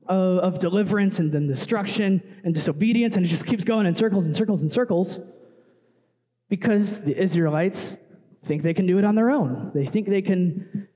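Young guy preaching casual, lots of likes and asides, highish voice, church hall echo. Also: normal speed, warm tone. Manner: conversational, chatty with many fillers and asides. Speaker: worship leader preaching. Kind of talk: casual sermon.

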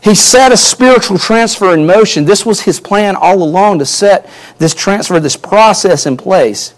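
A man's voice: high voice, moderate pace. Man preaching an earnest sermon. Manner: earnest preaching, rising and falling emphasis, repeats words. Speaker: pastor.

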